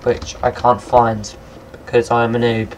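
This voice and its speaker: Young guy, mid-pitched, excitable gameplay commentary, rambles and curses, keyboard clicks faint behind. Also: measured pace, slight background noise. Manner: excitable, rambling, swears at monsters. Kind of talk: casual let's-play commentary.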